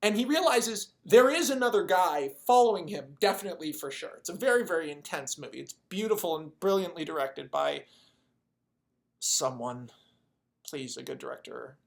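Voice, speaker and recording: A video creator pitching a made-up movie plot in a casual, rambling way, swearing and acting out the characters' lines. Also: expressive, moderate pace, creaky. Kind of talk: casual storytelling.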